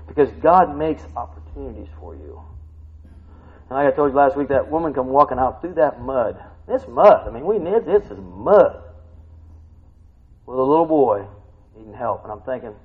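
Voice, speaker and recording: A middle-aged male pastor preaching a sermon, tired, animated, swinging from quiet talk to shouting. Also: medium pitch, moderate pace, pauses often, breathy edge. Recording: dull lo-fi recording.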